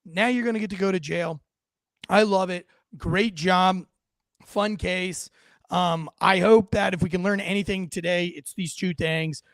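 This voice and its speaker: A man's voice: high-pitched, fairly even intonation, measured pace, fairly bright tone, dry recording, clean studio sound. A man hosting a podcast, talking through a video clip in emphatic, casual commentary with frequent fillers. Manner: emphatic, punchy, with many fillers. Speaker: podcast host.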